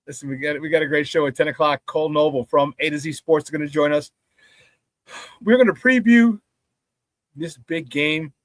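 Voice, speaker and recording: A man hosting a casual sports talk show, animated, laughing easily and greeting viewers by name. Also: on the high side, moderate pace, long pauses, no echo, studio quality.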